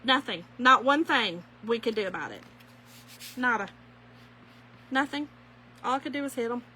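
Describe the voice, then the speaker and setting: Woman, crafting vlogger, animated and folksy, bright slightly high voice, faint room noise behind. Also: moderate pace. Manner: animated, folksy, addresses viewers as y'all. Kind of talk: chatty storytelling while crafting.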